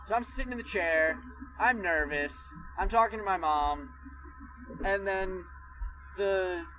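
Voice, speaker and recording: A man co-hosting a podcast during a road trip, telling a funny family story in a lively, animated way. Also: high voice, poor audio. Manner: lively storyteller who acts out quotes. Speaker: podcast co-host. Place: inside a car on a road trip.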